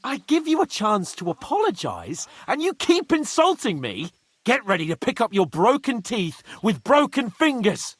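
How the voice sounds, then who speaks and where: Hans Capon, pompous young noble. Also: male voice, sits high, huge pitch swings, moderate pace, no room sound, exaggerated voice. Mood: indignant. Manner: pompous, indignant. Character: pompous young male nobleman, haughty and touchy. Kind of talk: video game voice acting.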